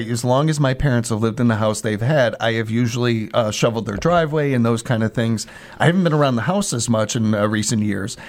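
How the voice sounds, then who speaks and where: A young man co-hosting a casual chat show, joking often and talking in halting starts and restarts. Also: medium pitch. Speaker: co-host.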